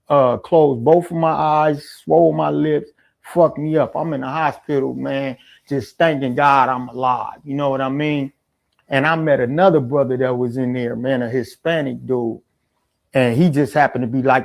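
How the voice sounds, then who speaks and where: A man with a gravelly, fry-tinged voice that sits a little high, telling a hard story from jail. His speech is loose and slangy, full of emphatic street talk as he speaks as an interview guest. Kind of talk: casual storytelling.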